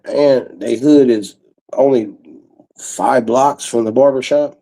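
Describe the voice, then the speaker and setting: A man telling a comic story in a casual, profane, animated way, acting out the quotes. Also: medium pitch, a little slow, poor audio. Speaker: comedian storyteller.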